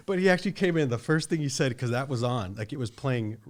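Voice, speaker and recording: A man's voice: medium pitch, lively intonation, fast talker, hardly any pauses. A man co-hosting a podcast, telling a story in casual chat with lots of restarts and asides. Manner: rambling storyteller with many restarts. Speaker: podcast co-host.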